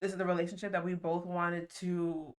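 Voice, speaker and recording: A woman's voice: lowish voice, flat delivery, a little fast. Earnest, laughing woman guest. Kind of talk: casual chat.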